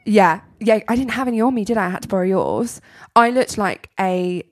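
A woman co-hosting a podcast, telling an animated anecdote in casual chat and laughing often. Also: medium pitch, brisk. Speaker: podcast co-host.

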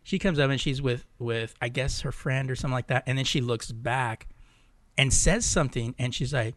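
A man's voice: medium pitch, moderate pace, fairly bright tone, dry recording. A man co-hosting a podcast, telling a rambling story in casual chat, acting out the people in it and laughing along. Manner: rambling anecdote told with acted-out quotes and laughter. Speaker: podcast co-host.

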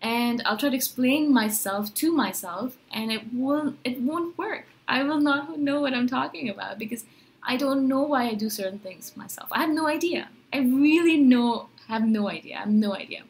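A woman with a slightly high voice, vlogging in a loose, rambling way. She talks straight to her viewers, animated and full of "like" as she questions herself. Her sentences often trail off and restart. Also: moderate pace. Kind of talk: casual talking-head monologue.

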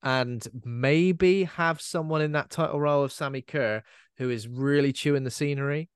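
A man's voice: on the high side, smooth, dry recording. Chatty man with a dry sound. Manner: chatty, rambling, quick to laugh. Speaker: podcast co-host. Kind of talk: casual film chat.

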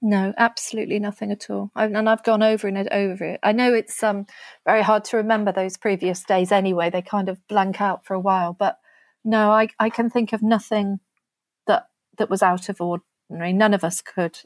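A woman speaking as an interview guest, earnest and halting, often restarting her sentences. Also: mid-range voice, little pitch movement, dry recording. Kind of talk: conversational interview.

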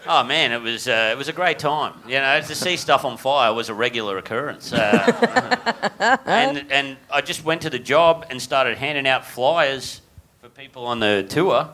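A man rambles through a live podcast story, stopping to restart himself and laughing as he goes. His voice is bright and very lively in pitch. A faint hiss sits under the live recording. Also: moderate pace. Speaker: comedian guest.

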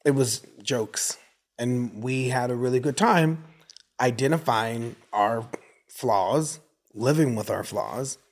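A man's voice: mid-range voice, gravelly. A man in his forties, from the United States, telling stories as an interview guest and slipping into voices from his neighborhood. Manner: animated storyteller who acts out neighborhood voices. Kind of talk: casual interview.

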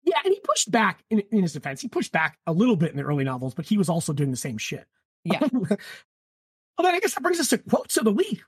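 A woman's voice: medium pitch, wildly swooping pitch, fast, breathy edge, no room sound, clean studio sound. A woman co-hosting a book podcast in casual chat, full of "like" and restarts. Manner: chatty, lots of "like" and restarts. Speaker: podcast co-host.

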